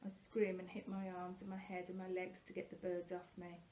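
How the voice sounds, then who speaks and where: A woman reading a first-person novel aloud, expressive and growing louder at tense moments, with the odd slip and self-correction. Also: lowish voice, normal speed, a little hiss or hum, rough recording. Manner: occasional slips and self-corrections. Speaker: reader.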